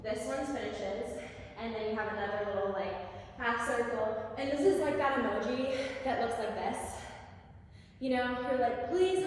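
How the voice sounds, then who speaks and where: A woman's voice: a little high, slight background noise. Chatty young woman teaching dance, echoey. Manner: chatty, counts steps aloud, sings lyrics along. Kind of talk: casual dance instruction. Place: dance studio. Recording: echoey studio, voice from far off.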